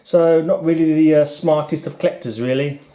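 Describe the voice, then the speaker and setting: A middle-aged British comic collector vlogger from the United Kingdom chats casually and rambles as he flips through his comics, often chuckling and running himself down. His slightly high voice is mellow and steady, and he talks fairly quickly in a British English accent.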